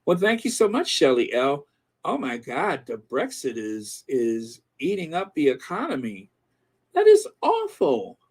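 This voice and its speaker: Slow-talking chatty man. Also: medium pitch. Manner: chatty, rambling, many fillers and restarts. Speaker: channel host reading viewer comments. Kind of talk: casual live-stream chat.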